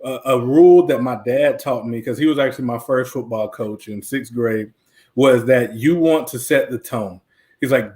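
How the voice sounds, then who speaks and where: A young man guest looks back on his playing days in a relaxed, reflective way, with filler words running through it. His voice sits at an ordinary middle pitch, and his talk is easygoing and conversational. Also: normal speed. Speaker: guest, former college lineman. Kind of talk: casual interview talk.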